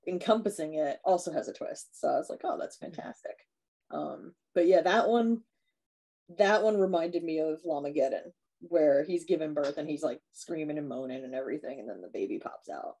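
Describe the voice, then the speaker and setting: A woman's voice: low-pitched, normal speed, warm tone. A woman co-hosting a podcast, casually retelling a horror movie plot in a chatty way with lots of fillers and acted-out lines. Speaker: podcast co-host.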